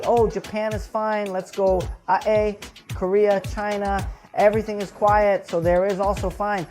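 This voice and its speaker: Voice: medium pitch, moderate pace, darkish tone, soft background music. A show reviewer giving a casual, rambling recap of an episode, often adding "right?" and "bro".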